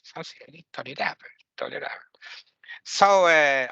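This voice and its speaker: Argentinian man teaching, bright and animated. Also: on the high side, a little fast, vocal fry, no room sound, muffled recording. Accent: Argentinian Spanish. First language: Spanish. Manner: animated, repeats words, mocks the ego in asides. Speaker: spiritual teacher. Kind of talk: informal spiritual lesson.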